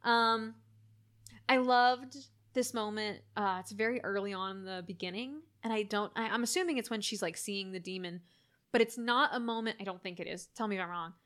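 A young woman in casual chat about a film, animated and full of "like", sometimes swearing. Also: mid-range voice, normal speed. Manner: animated, swearing, heavy use of "like", jumps into excited shrieks. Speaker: podcast co-host discussing a film.

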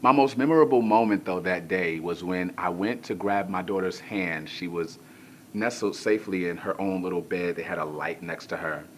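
With a low voice and moderate pace, a male preacher spins a comical personal anecdote in his sermon. His delivery moves from hushed to shouting, peppered with colloquial remarks to the crowd, over slight background noise.

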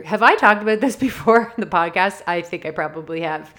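A woman's voice: medium pitch, normal speed, fairly bright tone. A woman hosting a casual solo podcast, chatty and upbeat, laughing often and wandering off on tangents. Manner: chatty and self-deprecating, laughs often and digresses; enthusiastic and upbeat. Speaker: podcast host.

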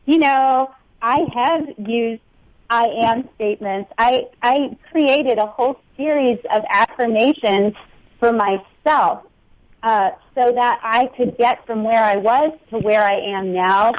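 A woman's voice: fairly high pitch, dry recording, rough recording. A woman guest on a talk show speaks earnestly and in an uplifting tone about spirituality, with some fillers.

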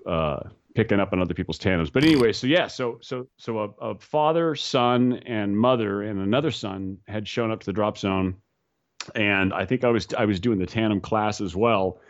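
A man's voice: lowish voice, normal speed, no echo. Rambling storytelling man, dull dry sound. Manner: rambling, repeats words, laughs at own stories. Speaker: skydiving instructor. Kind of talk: casual storytelling chat. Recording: slightly dull, dry recording.

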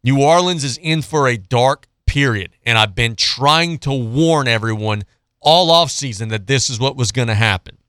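Guy hosting sports radio, ranting and sarcastic, bright clear voice. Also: mid-range voice, normal speed, no room sound, studio quality. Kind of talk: opinionated sports talk monologue.

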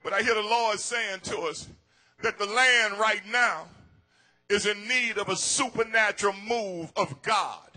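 A preacher man with a strikingly high, bright voice. He preaches slowly and deliberately, repeating himself and rising into shouts. His delivery is drawn out, with words stretched across each phrase. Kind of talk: sermon.

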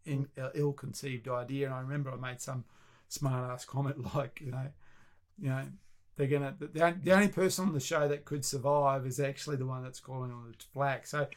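A man's voice: mid-range voice, fairly even intonation, brisk. A man hosting a podcast interview, rambling and hesitant with a joking streak. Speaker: podcast host. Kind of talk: casual interview chat.

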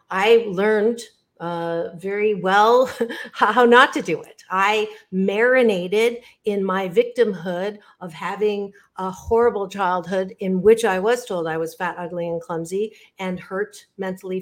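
A middle-aged woman psychologist, a guest in a podcast interview, telling her own story earnestly and addressing listeners directly with lingering stress on key words. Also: mid-range voice.

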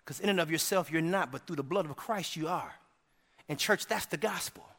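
A man's voice: fairly high pitch, brisk. Male pastor preaching in a reverberant church. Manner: dynamic preaching, swinging from shouts to hushed lines; keeps checking in with the congregation. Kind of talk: sermon. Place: church sanctuary.

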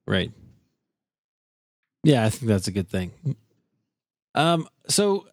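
A man's voice: fairly low pitch, sing-song, slow, no room sound, studio quality. Hesitant man hosting a faith podcast. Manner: hesitant, frequent restarts. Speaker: podcast host. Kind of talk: casual faith-based conversation.

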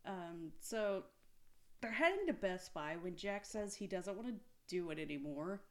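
A woman's voice: on the low side, lively intonation. A woman in her thirties, married with kids, recapping episodes in a casual, sarcastic chat full of swearing. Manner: sarcastic, swears freely, quick asides. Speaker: podcast co-host.

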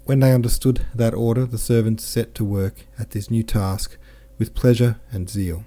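A mellow male voice, fairly low and fairly even in intonation, moves at a normal speed. He is an audiobook narrator working through a classic novel, lightly changing his tone for each character's lines.

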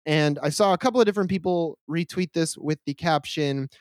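Man, podcast co-host, casual comedic chat, fairly high voice, laughs a lot, dry close sound. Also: fairly quick, a little mellow, no echo. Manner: jokey, laughs often, slips into silly put-on voices.

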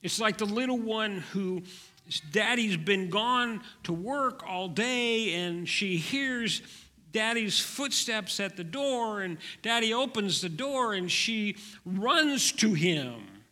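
Pastor, man, preaching gently; bright tone, unhurried. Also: high-pitched, animated, long reverb tail. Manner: gentle, slow preaching with soft drops. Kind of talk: sermon.

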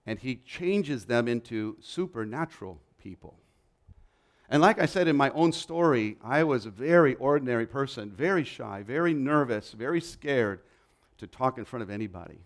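A man preaching a sermon, emphatic and building his points through repeated lists. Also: medium pitch.

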